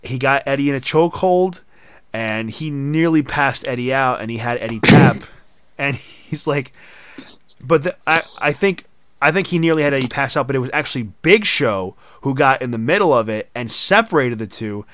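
A man's voice: mid-range voice, lively intonation, moderate pace, fairly bright tone, smooth, no echo. A man hosting a casual podcast chat, telling stories animatedly and acting out quoted voices. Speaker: podcast host.

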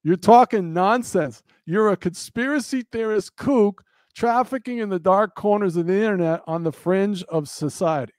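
High-voiced man, impassioned monologue. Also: normal speed, a little mellow, no echo. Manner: earnest, preacherly, repeats phrases for emphasis.

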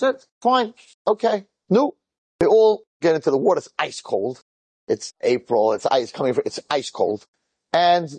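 A middle-aged man, a rabbi and teacher, telling an inspirational story to an audience and acting out the dialogue with lively bursts. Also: fairly high pitch, no room sound. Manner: animated, acts out the dialogue in quick bursts.

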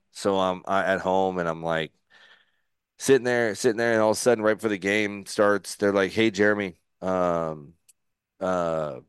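Low-voiced man telling a lively story. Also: clear, resonant tone, no room sound, clean studio sound. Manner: animated, acts out his own thoughts in quotes, frequent restarts. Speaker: podcast guest, former pitcher. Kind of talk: casual storytelling.

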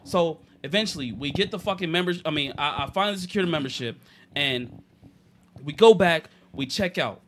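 A young man with a high, bright voice tells a story on a podcast. He talks in an animated, profane way, getting loud and then dropping low. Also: fairly quick, a little hiss or hum. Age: young adult. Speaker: podcast co-host. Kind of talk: casual storytelling.

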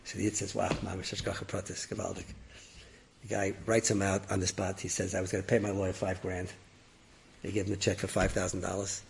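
Gravelly man telling a lively story. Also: low voice, fast, a little hiss or hum. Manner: lively, acts out characters with rising excited voices and laughs. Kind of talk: animated oral storytelling.

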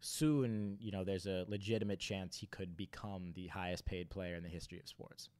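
A man talking as a guest on a podcast, laying out his opinions in a measured way. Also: deep voice, fairly even intonation, a little mellow. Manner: measured, gives opinions in full sentences. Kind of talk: casual podcast chat.

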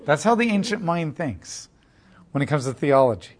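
A man's voice: fairly high pitch, moderate pace. A man preaching verse by verse through a Bible passage, acting out the quoted lines as he explains them. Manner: animated, dramatizes quotes. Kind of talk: expository Bible teaching. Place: room with a wall map.

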